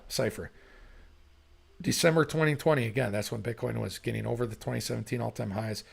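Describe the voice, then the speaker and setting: A man's voice: mid-range voice, vocal fry, husky. A man giving casual livestream chart commentary, chatty and thinking aloud, often correcting himself. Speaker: livestream market analyst.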